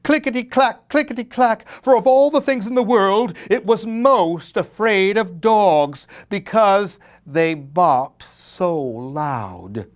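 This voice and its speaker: A man reading a spooky children's story aloud as a children's librarian, in an animated, dramatic storytelling manner. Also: sits high, takes it slowly, hardly any pauses.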